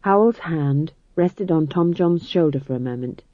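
A man narrating an audiobook in a wry, expressive way. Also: a little high, normal speed, dry recording, lo-fi sound.

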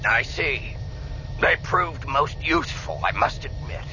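A man doing a slow grumbling slug crime lord. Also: mid-range voice, animated, bright, forceful tone, a little hiss or hum, voice pushed up. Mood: menacing. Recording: dull lo-fi audiobook recording.

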